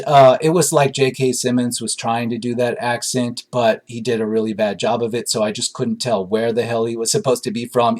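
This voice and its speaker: A man giving a casual spoken movie review, blunt and critical, rambling and searching for words with lots of fillers. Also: medium pitch. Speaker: film reviewer.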